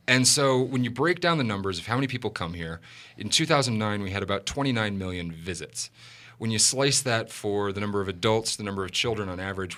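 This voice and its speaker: A man talks fast and eagerly as a guest on a radio talk show, walking through the numbers. His voice is bright and forceful, and it sits on the low side.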